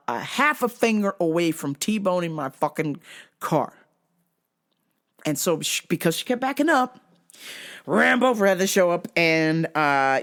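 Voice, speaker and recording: A woman hosting her own show, telling a rant story casually, full of swearing and sound effects. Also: fairly low pitch. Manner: profane, animated, frequent sound effects. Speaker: host.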